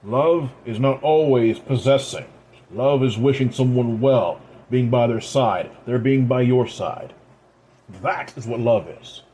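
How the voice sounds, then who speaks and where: A man's voice: mid-range voice, measured pace, mellow, natural voice. A man plays a proud, ancient immortal woman with red hair who speaks with a lilt. She is commanding and scolding, her voice set in a middle register. Faint noise hums under the recording. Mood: stern.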